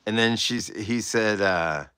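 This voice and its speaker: Rambling male streamer, bright tone, dry close sound, laughs often. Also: on the low side, slow pace, clean tone, dry recording. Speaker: artist hosting a livestream. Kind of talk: casual storytelling.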